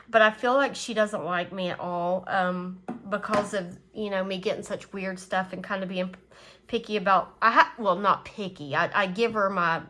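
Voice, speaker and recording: Chatty woman vlogging her budget. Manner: chatty, rambling, many fillers and asides; counts money aloud in a soft, lower voice. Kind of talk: casual chat to camera while counting cash.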